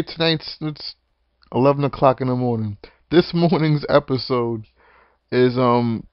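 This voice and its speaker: A man's voice: mid-range voice, no room sound. A man delivers an expletive-heavy wrestling rant that wanders and restarts constantly. The recording sounds dull and lo-fi, with a dry, close feel and no room sound. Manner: rambling, frequent swearing and restarts. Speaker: wrestling commentary vlogger. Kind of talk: profane ranting monologue.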